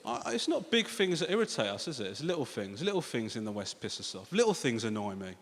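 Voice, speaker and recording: A man's voice: medium pitch, sing-song, quick pace. A British man doing a sardonic, sweary stand-up comedy set, talking straight to the crowd from a large theatre stage. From Britain. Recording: reverberant theatre with audience noise.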